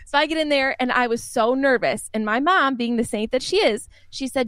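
A woman's voice: a little high, normal speed, fairly bright tone, clear, resonant tone, no echo. A young woman, an interview guest, telling family stories in a chatty way and laughing often. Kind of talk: casual storytelling in an interview.

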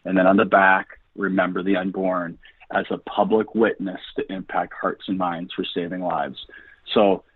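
A man's voice: low voice, flat delivery, normal speed, slightly rough, dry recording. A man guest on a radio interview, talking earnestly and encouragingly like a preacher. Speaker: guest, ministry founder. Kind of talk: enthusiastic radio interview talk. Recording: dry phone-line audio.

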